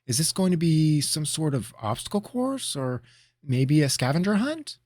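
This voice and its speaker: A man voicing an excitable young male apprentice mage who gushes and interrupts in a breathless rush. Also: fairly high pitch, a little slow, no room sound, studio quality, voice pushed up, heavily acted. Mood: excited.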